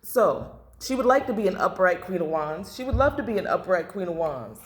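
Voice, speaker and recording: A woman's voice: lowish voice, big pitch swings, a little fast. A woman doing a blunt, emotional tarot reading to camera, repeating phrases and swearing. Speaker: tarot reader. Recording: echoey room.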